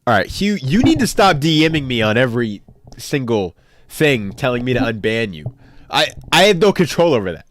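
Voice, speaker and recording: A young man streaming live, chatting casually with his viewers in an animated, joking way as he ranks characters on a tier list. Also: medium pitch, normal speed, slight background noise. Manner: animated, jokey, talks back to chat.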